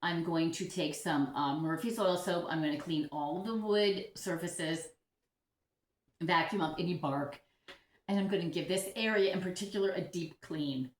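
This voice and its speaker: A woman's voice: fairly low pitch, moderate pace, echoey room. A woman vlogging casually about her orchids at home, chatty and giggly, often laughing at herself. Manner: chatty, giggly, self-deprecating. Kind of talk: casual vlog chat.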